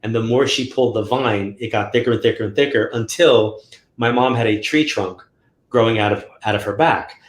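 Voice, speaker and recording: A man who works as a psychic medium tells stories as an interview guest, brisk and fairly low in pitch. He's animated, delivering quoted lines in a raised voice, and the audio carries a roomy echo.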